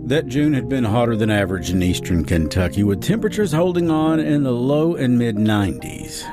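Over music, a man narrates a true-crime podcast in dramatic storytelling fashion, talking fairly fast with a lively delivery and wide pitch swings. He works as a podcast host and audiobook narrator.

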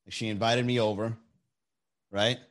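A man's voice: fairly low pitch, flat delivery, moderate pace, a bit bright. A young man hosting a casual chat, telling a story animatedly and profanely, acting out quotes.

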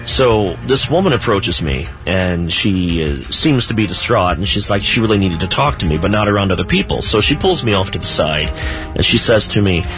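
A low-pitched man speaks as a guest on a radio show, telling his paranormal stories at an unhurried pace. Now and then he drops a small laugh. Music plays clearly under his voice. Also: big pitch swings, fairly bright tone. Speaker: paranormal author and researcher, guest. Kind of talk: casual radio interview.

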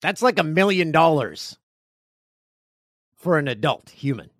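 A middle-aged man, hosting a podcast and telling jokey stories in a casual, animated way. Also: fairly high pitch, measured pace, no echo, clean studio sound. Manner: animated, jokey, acts out quotes. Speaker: podcast host. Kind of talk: casual comedic storytelling.

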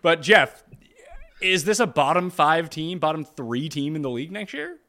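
Lively, bright-voiced male podcast host. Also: fairly high pitch, normal speed. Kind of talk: casual sports betting chat.

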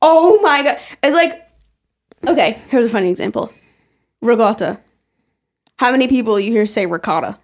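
A woman's voice: fairly high pitch, expressive, a little fast. A woman co-hosting a podcast in casual chat, swearing freely and laughing often. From New York. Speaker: podcast co-host.

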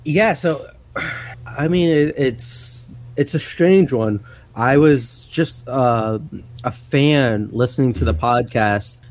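A man's voice: medium pitch, slow, low-quality recording. A man chatting casually as a podcast guest, rambling with lots of fillers and laughs. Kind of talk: casual chat.

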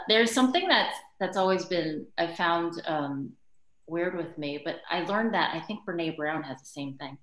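Lively woman guest in a roomy space. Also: fairly low pitch. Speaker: podcast guest. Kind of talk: casual conversation.

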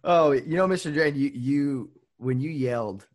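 A man's voice: fairly high pitch, moderate pace. A man interviewing his former basketball coach, reminiscing casually and laughing often. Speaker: interviewer, former player and official.

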